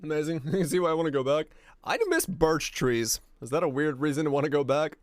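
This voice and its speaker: A young Finnish game streamer with a high-leaning, expressive voice chats casually and briskly with his viewers while gaming, not in English. He's laid-back, swears a lot and laughs easily. The studio-quality sound has no echo.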